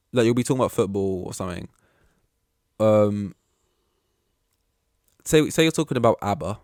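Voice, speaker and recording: Man, solo podcast host, rambling and self-mocking, lowish voice, dry close sound. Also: a little mellow, no room sound. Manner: self-deprecating, rambling, swears, acts out both sides of awkward chats.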